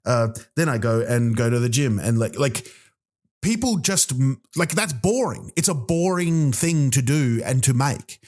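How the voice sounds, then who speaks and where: A man's voice: medium pitch, measured pace. Ranting, exasperated man. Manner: exasperated, profane, animated rants. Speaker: comedian podcast host. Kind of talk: rambling comic monologue.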